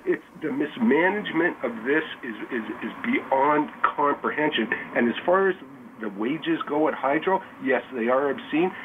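A man's voice: fairly high pitch, expressive, moderate pace, hardly any pauses. Emphatic male caller, tinny phone line, faint background noise. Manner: indignant, emphatic. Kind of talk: call-in radio.

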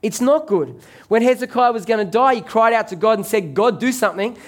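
A man's voice: sits high, animated, fairly quick. A man preaching a sermon as pastor, conversational and joking with the congregation.

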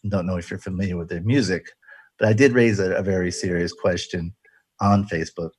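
A man's voice: low voice, fairly even intonation, fairly quick, darkish tone, husky, dry recording. A man hosting a casual radio talk show, chatty and jokey, rambling with restarts.

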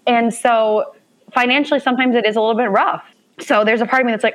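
A woman's voice: a little high, fast talker, rough recording. Woman, 30s, from Indiana, guest in an interview, earnest and emotional, livens up when acting out her own thoughts. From Indiana, USA. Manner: heartfelt, animated when quoting herself. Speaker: guest, mother of a child with special needs. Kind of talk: emotional personal storytelling in conversation.

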